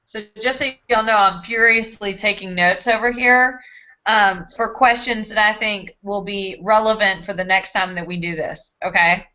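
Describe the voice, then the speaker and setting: A woman moderating a panel casually, quick and scattered with many fillers. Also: medium pitch, steady tone, sharp tone, dull audio.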